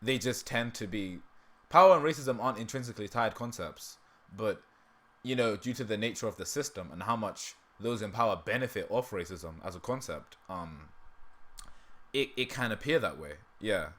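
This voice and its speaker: A man's voice: lowish voice, animated, normal speed, fairly bright tone. A man hosting a livestream in casual, rambling chat, laughing often and breaking off mid-sentence, with a sore throat. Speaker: livestream host.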